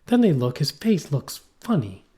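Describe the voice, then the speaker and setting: A man co-hosting a casual podcast, rambling through an animated story with playful asides. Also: on the high side, normal speed, breathy edge. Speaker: podcast co-host. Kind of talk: casual conversational podcast chat. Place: poorly heated shack.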